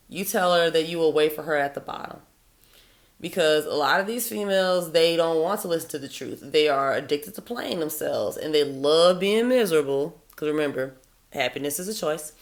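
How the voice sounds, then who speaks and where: A woman's voice: lowish voice, a bit bright. A woman giving dating advice in a blunt, profane, sardonic monologue. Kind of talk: casual opinionated monologue.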